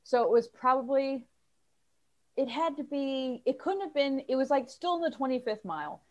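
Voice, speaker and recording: Animated woman telling a story. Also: moderate pace. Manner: animated storyteller, acts out quotes with big emotional pitch jumps. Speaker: podcast co-host. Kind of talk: casual chat.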